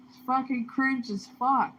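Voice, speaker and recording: A woman ranting in a heated, profane monologue, swinging between low muttering and loud outbursts. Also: steady tone, a little slow. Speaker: vlogger. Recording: dull lo-fi sound with faint noise.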